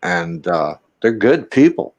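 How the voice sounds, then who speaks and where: Man telling stories, low voice. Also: takes it slowly, dull audio. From Boston. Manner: storytelling, profane, animated quotes. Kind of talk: casual chat.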